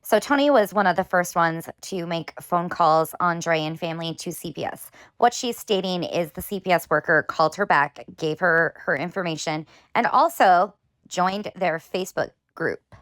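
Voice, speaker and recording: Woman host picking apart clips, sarcastic, smooth clear voice, dry close sound. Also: fairly low pitch, moderate pace, fairly bright tone, no room sound. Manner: pointed, sarcastic questioning. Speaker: commentary host. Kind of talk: drama commentary.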